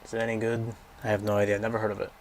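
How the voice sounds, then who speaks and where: A man's voice: fairly low pitch, monotone, very fast, slight background noise. Blunt, swearing young man browsing games. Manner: rambling, profane, blunt opinions. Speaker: gaming vlogger. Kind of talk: casual commentary browsing a game library.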